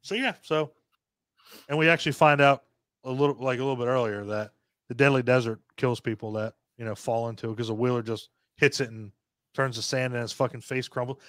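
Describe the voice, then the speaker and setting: A man's voice: mid-range voice, steady tone, a little fast, fairly bright tone, no echo. A man co-hosting a podcast, rambling profanely through a movie review and acting out characters' lines. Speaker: podcast co-host. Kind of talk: casual movie review chat.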